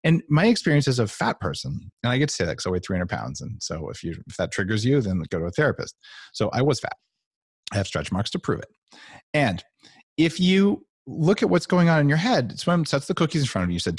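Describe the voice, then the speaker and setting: A man's voice: medium pitch, big pitch swings, fast talker, slightly rough, no echo, clean studio sound. A middle-aged man, a guest author, talking playfully on a podcast and acting out little voices as he explains. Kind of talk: animated podcast talk.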